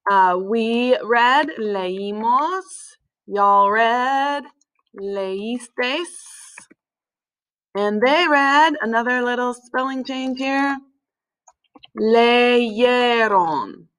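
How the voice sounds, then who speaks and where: A woman teaching a recorded language lesson in a relaxed way, with many fillers, slowing down to spell words out. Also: on the high side, clean tone, rough recording. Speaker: Spanish teacher.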